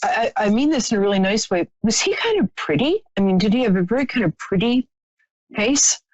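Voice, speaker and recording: A woman's voice: mid-range voice, big pitch swings, a little fast, darkish tone, no echo, lo-fi sound. A woman hosting a live stream, chatting sympathetically with a caller as she gives a psychic reading, with many fillers and restarts.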